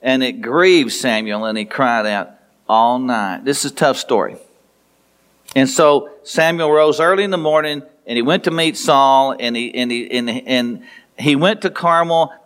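Pastor, male, high voice; playful sermon delivery, acts out the dialogue. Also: fairly bright tone. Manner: storytelling, playful, acts out dialogue with rising pitch.

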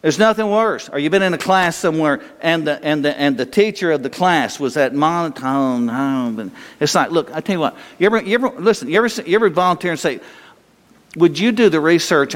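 A man's voice: on the high side, expressive, a little fast. Folksy male preacher in a reverberant hall. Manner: folksy, humorous, restarts, rising to bursts of emphasis. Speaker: pastor. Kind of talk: sermon. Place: church sanctuary.

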